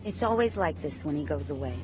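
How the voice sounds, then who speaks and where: A woman's voice: low voice, expressive, fast talker, over music. An actress playing a clingy young girlfriend who complains and whines. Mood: sulky. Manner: whiny, complaining.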